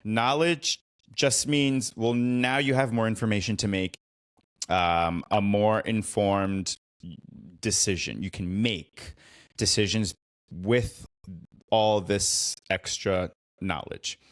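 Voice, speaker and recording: Therapist guy doing a solo podcast, slow and thoughtful, dry close mic. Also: on the low side, fairly even intonation, no echo. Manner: reflective, earnest, repeats key phrases. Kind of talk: solo podcast recap and commentary.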